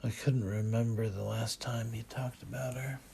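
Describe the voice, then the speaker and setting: A man reading a first-person science fiction audiobook in a measured, dry storytelling manner. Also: mid-range voice, fairly even intonation, vocal fry, mellow, a little hiss or hum. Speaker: audiobook narrator. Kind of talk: first-person scripted narration.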